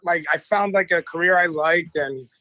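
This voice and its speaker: A man from the Boston area, a guest on a radio talk show, telling stories in an animated and profane way. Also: fairly high pitch, moderate pace, no echo, highs cut off.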